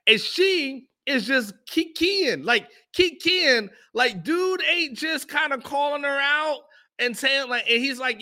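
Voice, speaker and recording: Podcast host, male, high and very bright voice, slangy storyteller who chuckles a lot. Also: animated, slow. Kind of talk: casual storytelling chat. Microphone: own microphone on a live stream.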